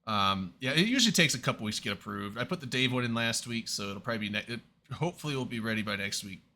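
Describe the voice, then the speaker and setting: Bright, lively man chatting loosely. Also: mid-range voice, quick pace. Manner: rambling, stumbles and restarts, laughs often. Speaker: podcast co-host. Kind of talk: casual chat among friends.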